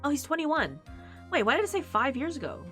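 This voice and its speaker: A woman streamer chats casually over a game, thinking aloud with a lively, bouncing voice. Game music plays faintly behind her. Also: high-pitched, brisk. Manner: chatty, thinks aloud, reads every part. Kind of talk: casual game playthrough commentary.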